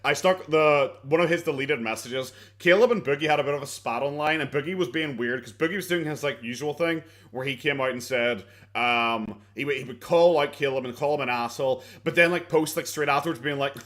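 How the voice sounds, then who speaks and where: A man's voice: fairly high pitch, brisk, hardly any pauses, a bit bright. An Irish man reacting to a video in casual commentary, rambling, sarcastic and swearing freely, often laughing. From Ireland.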